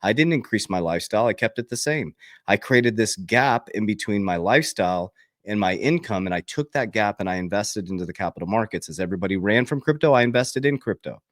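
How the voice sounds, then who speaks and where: A low-voiced man coaching his viewers on money, speaking in an emphatic, preachy way and hammering points home by repeating them. The sound is dry and close, with no room around it. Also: lively intonation, a little fast, no echo. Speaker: financial coach. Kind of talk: motivational investing talk.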